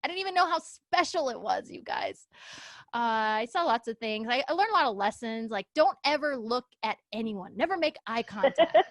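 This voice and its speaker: A woman's voice: on the high side, moderate pace, no echo. A young woman from New Mexico doing a stand-up set, telling stories and acting out the people in them. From Albuquerque, New Mexico. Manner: animated storytelling, acting out characters. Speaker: stand-up comedian. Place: comedy show.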